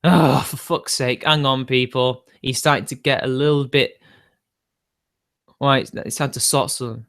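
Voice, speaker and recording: A man live-streaming and answering his chat in a rambling way, quickly getting riled and swearing. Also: mid-range voice, fairly even intonation, fairly bright tone.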